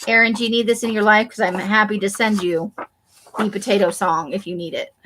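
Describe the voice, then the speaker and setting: A woman's voice: mid-range voice, steady tone, a little fast, background noise. Woman chatting on her stream, teasing viewers and joking about herself. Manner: chatty and self-deprecating, talks to viewers by name. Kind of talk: casual livestream chat.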